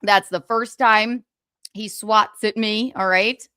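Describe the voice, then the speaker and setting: A woman's voice: medium pitch, steady tone, slow, bright, forceful tone, smooth, dry recording, studio quality. A woman in her thirties hosting a livestream, giving casual gossip commentary with sarcastic, profane asides and laughter. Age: 30s. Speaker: livestream host.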